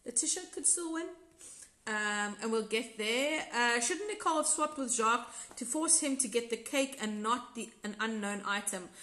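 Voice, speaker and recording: A woman's voice: medium pitch, sharp tone. A South African woman in casual live recap chat, reading out viewer comments and rambling candidly through her thoughts, often restarting sentences. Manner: rambling, self-correcting, candid. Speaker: episode reviewer and former contestant. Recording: roomy echo.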